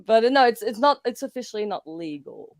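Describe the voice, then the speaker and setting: A woman's voice: fairly high pitch, big pitch swings, a little fast, dry recording. A Dutch woman, a native Dutch speaker, chatting casually on a livestream panel with lots of fillers, restarts and laughter. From Netherlands. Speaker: panel guest.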